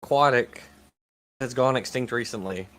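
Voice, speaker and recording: A man's voice: mid-range voice, moderate pace, a bit bright. Laid-back male co-host. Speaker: podcast co-host. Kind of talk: casual conversation.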